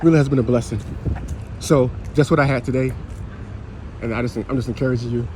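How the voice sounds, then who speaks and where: Walking a route lined with trees, a health and wellness vlogger speaks in a medium-pitched, darkish voice with fairly even intonation and a slightly fast pace. His casual vlog is upbeat and motivational for viewers, with a little hiss or hum in the recording.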